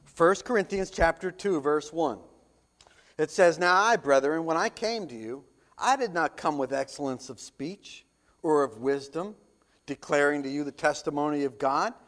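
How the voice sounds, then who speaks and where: A man preaching a sermon as pastor, reading scripture and asking rhetorical questions, with loud emphatic swells and hushed drops. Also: fairly high pitch, normal speed.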